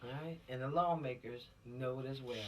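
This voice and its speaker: A man's voice: medium pitch, brisk, far from the mic. A man giving an informal, preachy law lesson to teenagers, repeating his points for emphasis. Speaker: law instructor for teens.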